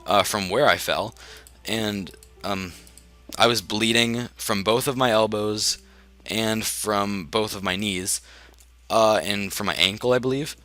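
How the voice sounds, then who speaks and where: A man's voice: lowish voice, fairly even intonation, a little slow, bright, forceful tone, no echo, faint music behind. Rambling teen boy telling stories. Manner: rambling, laughing, many ums and restarts. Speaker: gaming video host. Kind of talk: casual storytelling while playing.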